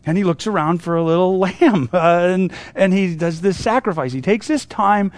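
Guy walking through a bible passage, kinda high voice, chatty, dry sound. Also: moderate pace, no room sound. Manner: casual, chatty, many restarts and asides. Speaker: Bible teacher. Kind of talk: conversational Bible teaching.

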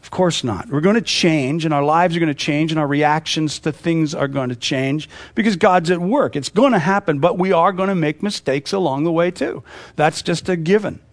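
A man preaching a sermon in a conversational, animated way, laughing now and then as he talks. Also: fairly high pitch, moderate pace, no echo. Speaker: pastor.

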